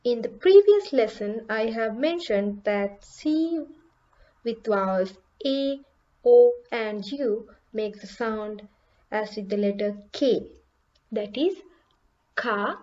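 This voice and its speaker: A woman teacher speaks at an extremely slow, careful pace in a fairly high voice, spelling out each example and repeating it so beginners can copy. The recording sounds slightly dull and lo-fi. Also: lively intonation, dark tone. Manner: deliberate, repeats each word for learners to copy. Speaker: French teacher. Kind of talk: beginner language lesson.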